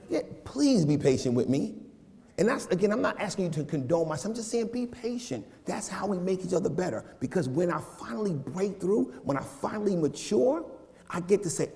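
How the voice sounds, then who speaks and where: Here a male preacher speaks in a high-pitched voice, a little fast. His sermon is casual and peppered with slang, addressed right to the congregation with lively asides, and the sanctuary adds a long hall reverb.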